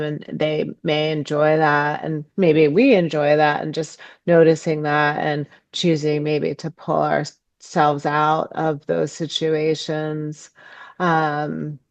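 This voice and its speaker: A woman speaking as a podcast guest on ecopsychology, reflective and halting, with many ums as she searches for words. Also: low voice, smooth, no room sound, lo-fi sound. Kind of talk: reflective interview conversation.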